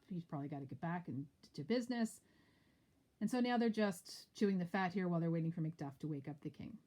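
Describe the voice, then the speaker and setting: A woman's voice: on the low side, lively intonation, fairly quick, darkish tone. A woman teacher explaining a play in a lecture, with chatty, explanatory asides. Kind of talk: lecture with read-aloud play.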